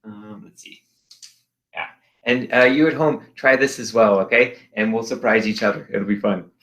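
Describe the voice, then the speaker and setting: A young man teaching an expressive arts lesson in a chatty, upbeat way, with many ums and uhs. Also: lowish voice, normal speed. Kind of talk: casual virtual lesson.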